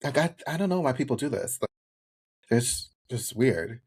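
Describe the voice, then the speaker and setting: A male podcast co-host in casual conversation, speaking bluntly and with animation. His voice sits at an ordinary middle pitch. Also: expressive, normal speed, breathy edge. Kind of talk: casual chat.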